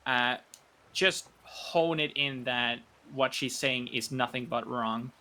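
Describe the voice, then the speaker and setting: A man's voice: mid-range voice, slow, bright, forceful tone. A man talking in character during a role-play game, hesitant and full of fillers and restarts.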